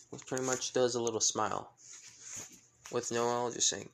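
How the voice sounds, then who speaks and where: Gravelly man rambling through a fan story. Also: mid-range voice, steady tone, normal speed, noisy background. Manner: rambling, many filler phrases. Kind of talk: casual fan-fiction retelling.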